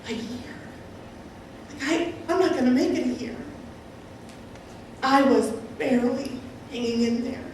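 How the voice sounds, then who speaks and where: A woman sharing a personal testimony in an earnest, halting, heartfelt way, recorded from far off in a large hall. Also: high-pitched, a little hiss or hum. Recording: very echoey, voice from far off.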